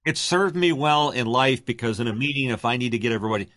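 An older man who works as a radio announcer and voiceover artist, from Delaware, talking in a deep, resonant announcer voice with lots of fillers. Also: expressive, fast, a bit bright, no room sound, clean studio sound. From Delaware, USA. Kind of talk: casual interview.

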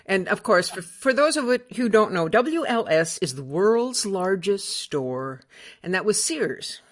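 A woman's voice: medium pitch, very animated, a little slow. A woman from Michigan's Upper Peninsula hosting an interview and asking chatty, curious questions. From Upper Peninsula of Michigan, USA. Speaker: interview host. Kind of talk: casual interview.

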